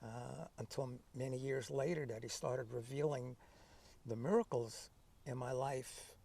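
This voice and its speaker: An older man in his seventies with a gravelly edge to his voice and a relaxed storytelling style. He tells his stories in a lively way, acting out the lines of the people in them. He sits a little away from the mic. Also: mid-range voice, a little slow, distant mic. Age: 70s. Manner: lively, acts out remembered dialogue. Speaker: interview guest, veteran. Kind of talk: conversational storytelling.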